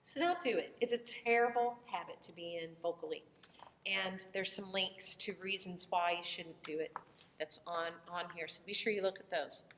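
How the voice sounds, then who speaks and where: A woman with a Southern American accent, a voice teacher lecturing in a relaxed, conversational way with frequent fillers and restarts. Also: medium pitch, moderate pace, slight background noise. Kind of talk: recorded lecture. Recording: echoey room, voice from far off the mic.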